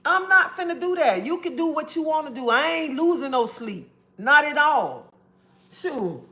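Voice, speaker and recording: This livestreamer, an adult mother, has a high, bright voice with big pitch swings, a forceful tone, and a moderate pace. She rants casually and bluntly, full of sass, calling her viewers honey and baby. After each point she repeats "okay?"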